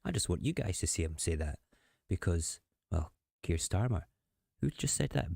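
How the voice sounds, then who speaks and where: Deep-voiced, sarcastic host. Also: male voice, expressive, moderate pace, gravelly, darkish tone, no echo, clean studio sound. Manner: chatty, rambling, sarcastic. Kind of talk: casual political commentary.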